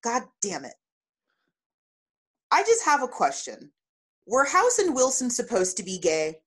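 A woman co-hosting a podcast, talking in a chatty, animated way with lots of fillers. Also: high voice, moderate pace. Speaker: podcast co-host. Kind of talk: casual chat.

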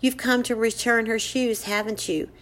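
A woman's voice: a little high, steady tone, moderate pace, a bit bright, close to an everyday voice. Woman doing a weary grieving old mother. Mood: sorrowful. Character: weary grieving older mother, hollow and tired.

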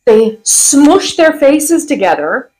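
A woman hosts a casual comedy podcast, laughing easily and teasing her guest. Her voice sits high and swoops up and down with every joke. She has the hiccups and keeps her tone sarcastic and light. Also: very animated, takes it slowly, darkish tone, low-quality recording. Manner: playful, giggly, sarcastic. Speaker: podcast host.

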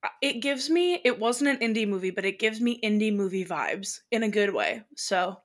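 A woman's voice: mid-range voice, sing-song, moderate pace. Young woman co-host, chatty and emotional, easy laugh. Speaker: podcast co-host. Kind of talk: casual chat.

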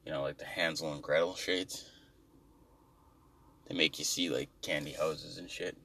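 A man's voice: a bass voice, fairly even intonation, moderate pace, vocal fry, sharp tone, far from the mic. A man doing a rambling, profane, exasperated comic rant, recorded slightly off-mic.

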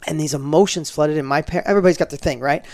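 Fast-talking gravelly middle-aged man. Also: a little high, no room sound. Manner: animated, acts out quoted dialogue, frequent restarts. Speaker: podcast guest. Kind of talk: casual interview storytelling.

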